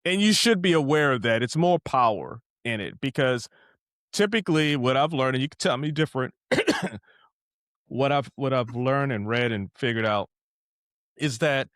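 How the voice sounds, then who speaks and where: A man's voice: mid-range voice, expressive, moderate pace, fairly bright tone, dry recording, studio quality. A man hosting a conversational podcast interview, talking casually with many fillers and asking probing follow-up questions. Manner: casual, leans on "you know", asks probing questions. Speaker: podcast host.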